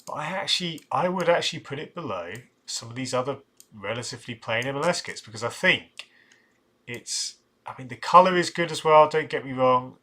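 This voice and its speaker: A man's voice: mid-range voice, animated, brisk, bright, forceful tone. A man hosting a casual live stream, thinking aloud with restarts and asides. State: tired, yawning. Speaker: live-stream host ranking football shirts.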